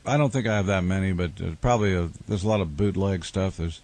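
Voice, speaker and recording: A man's voice: low-pitched, fast, a little mellow. A man, a musician and author telling wry, rambling stories in a radio studio interview. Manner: rambling, wry storytelling with restarts.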